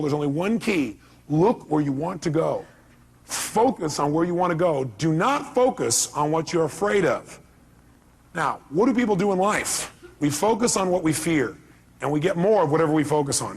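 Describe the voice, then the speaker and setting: A man with a gravelly, husky voice giving a motivational seminar talk to an audience, telling stories dramatically and acting out voices, going from loud to soft. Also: on the high side. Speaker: motivational speaker.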